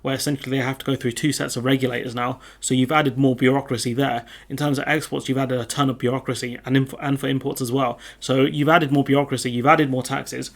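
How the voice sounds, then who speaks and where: A man's voice: medium pitch, level tone, fast, gravelly, hardly any pauses. A man giving casual political commentary on the news, sardonic and chatty, with lots of filler words.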